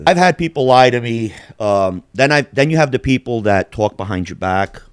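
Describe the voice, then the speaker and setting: A man's voice: medium pitch, expressive, normal speed, clear, resonant tone, no room sound, studio quality. A man in his forties hosting a podcast, telling stories in a blunt, profane, rambling way. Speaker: podcast host. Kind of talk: casual storytelling chat.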